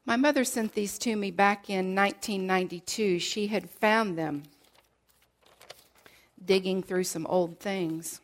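A woman's voice: mid-range voice, unhurried. A middle-aged woman giving an emotional sermon, sharing her testimony earnestly and sometimes dropping almost to a whisper. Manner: earnest, drops to near whispers at painful moments.

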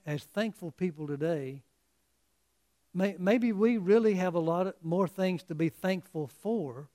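An earnest male preacher delivering a sermon in a high voice. He speaks very slowly and haltingly, often stumbling and repeating words before carrying on. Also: mellow.

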